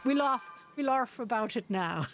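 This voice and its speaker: A woman's voice: on the high side, expressive, normal speed, faint music behind. A woman, a streamer telling a laughing, sweary story while playing a game. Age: 40s. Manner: laughing, swearing anecdote teller.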